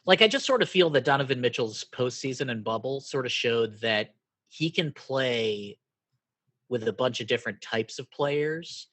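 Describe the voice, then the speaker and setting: A man from Brooklyn, co-hosting a podcast in a relaxed way. He muses and thinks out loud, with plenty of "like" and "you know." His voice sits at an ordinary pitch on a dry, close mic. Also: moderate pace, dry recording. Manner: musing, laid-back, thinks out loud with many fillers. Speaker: podcast co-host. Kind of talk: casual sports chat.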